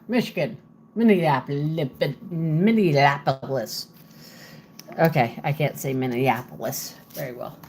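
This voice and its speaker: A woman live-streaming from her home, talking slowly and casually into a phone held in her hand. She murmurs to herself as she hunts for places on a map, with a faint hiss behind her voice. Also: deep voice. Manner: chatty, muttering to herself while searching a map. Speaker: livestreamer. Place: at home, indoors. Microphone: handheld phone.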